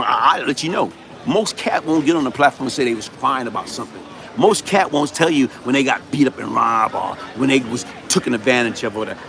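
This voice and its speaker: A man's voice: mid-range voice, fairly bright tone, a little hiss or hum. A middle-aged man, telling a personal story on a live stream in emphatic street slang. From New York City. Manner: emphatic street-slang storytelling, repeats "you know what I'm saying". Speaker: livestream host.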